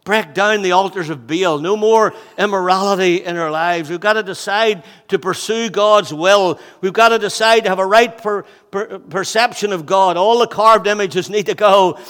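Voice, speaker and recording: A man in his sixties delivers a sermon with fervour, repeating his phrases for emphasis. His voice is bright and forceful, sitting a little high. A long reverb from the church hall trails each line. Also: moderate pace, few pauses, smooth. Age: 60s. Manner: fervent, repeats phrases, swings from loud exhortation to hushed intensity. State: out of breath. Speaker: pastor.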